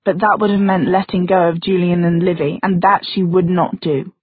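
A woman reading fantasy fiction aloud as an audiobook narrator, in a steady, even storytelling manner. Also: fairly low pitch, moderate pace, breathy edge, dry recording. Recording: dry, phone-like narrow sound.

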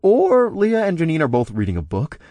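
A man's voice: a little high, huge pitch swings, normal speed, warm tone, dry recording, studio quality. A young man narrating a first-person audiobook in an easygoing, lightly amused way, also speaking the narrator's own lines.

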